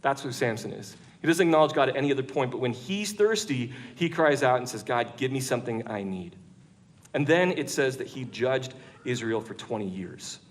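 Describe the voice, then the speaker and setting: A man preaching a lively storytelling sermon to an audience in a large church room, jokey and conversational. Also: medium pitch, fairly quick.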